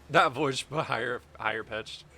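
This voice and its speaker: A man's voice: medium pitch, moderate pace, vocal fry, bright, forceful tone. A man streaming a game with casual, jokey commentary, chatting and laughing often.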